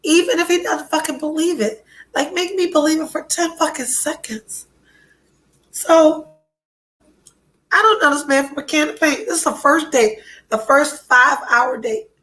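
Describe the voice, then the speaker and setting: A woman with a high voice hosts a podcast in a frank, emotionally open monologue. She swears freely and sounds stuffy-nosed from a cold. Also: normal speed, fairly bright tone, rough recording. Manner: blunt, profane, emotionally open. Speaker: podcast host.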